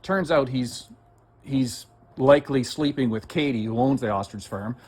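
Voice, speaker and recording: Agitated, profane man with a husky voice. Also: medium pitch, normal speed, a little mellow. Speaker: complaining citizen. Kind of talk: heated conversation.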